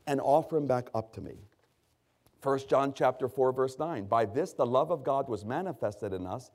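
A man preaching a sermon with emphatic, drawn-out stresses, asking the congregation questions and answering them himself. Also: mid-range voice. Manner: lively, emphatic delivery with rising, drawn-out stresses.

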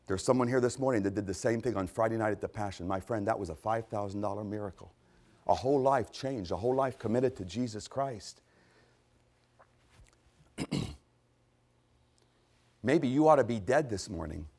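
A middle-aged man preaching a sermon, fervent and rising to loud, emphatic peaks. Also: on the low side, normal speed, pauses often.

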